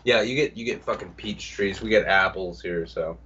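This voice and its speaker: A man's voice: low-pitched, pushed and bright, a little hiss or hum. A man co-hosting a live-streamed podcast, teasing his guests in casual banter and slipping into silly voices for quoted bits. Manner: joking, teasing, quick voice switches for quoted bits. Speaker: co-host. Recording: dull lo-fi sound, a bit distant from the mic.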